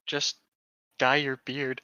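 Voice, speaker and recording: Sarcastic young man, bright voice, lo-fi mic. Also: medium pitch, monotone, clean tone, no room sound. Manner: sarcastic, quick swearing jokes. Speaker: podcast co-host. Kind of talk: casual chat. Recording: dull lo-fi mic.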